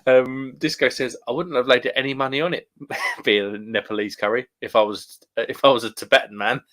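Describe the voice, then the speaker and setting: A man's voice: mid-range voice, steady tone, a little fast, fairly bright tone. A man hosting a casual beer live stream, chatting, reading out viewer comments and calling people mate. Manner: chatty, laughs often, calls people mate.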